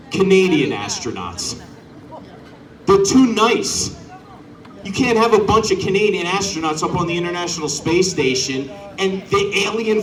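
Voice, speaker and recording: Animated male stand-up comic, high bright voice. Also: reverberant, recorded from a distance. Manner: animated, teasing the crowd, acting out characters. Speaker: stand-up comedian. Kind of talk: stand-up comedy set. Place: outdoor show on a front lawn. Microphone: corded handheld mic.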